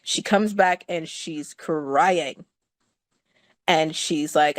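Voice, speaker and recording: A Californian woman with a low, very slow voice shares a personal story with her listeners, and there's no room sound. She's chatty, laughs often and keeps checking in with them.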